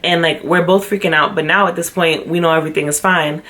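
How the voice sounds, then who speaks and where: A young woman vlogger telling a personal story to camera, chatty and animated, often acting out what others said. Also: lowish voice, fast talker. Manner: chatty with frequent fillers. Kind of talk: storytime vlog.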